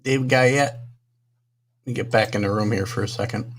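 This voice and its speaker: Hosting a live sports talk stream, this man sounds flustered and apologetic, muttering to himself while technical problems pile up. His voice sits fairly low and moves a little slowly, with slight background noise in the clip.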